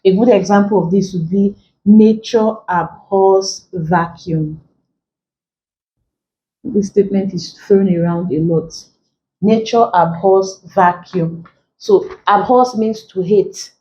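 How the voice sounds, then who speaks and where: A woman teacher giving an exam-prep lesson, explaining slowly, repeating key phrases and filling gaps with "like.". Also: mid-range voice, steady tone, dark tone, highs cut off, a little hiss or hum. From Nigeria.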